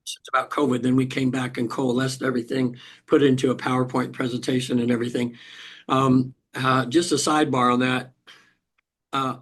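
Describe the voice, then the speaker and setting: An older man with a husky, breathy voice recounts a personal experience as an interview guest. He speaks in a middle register, stopping and restarting often and clearing his throat between thoughts. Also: mid-range voice, flat delivery, a little fast, fairly bright tone. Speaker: hypnotherapist guest. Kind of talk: emotional personal storytelling in an interview.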